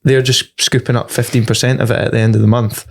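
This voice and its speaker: A man's voice: medium pitch, level tone, quick pace. Sweary Scottish man telling stories. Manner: swears freely, rambling storyteller. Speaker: stand-up comedian guest. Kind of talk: casual podcast chat.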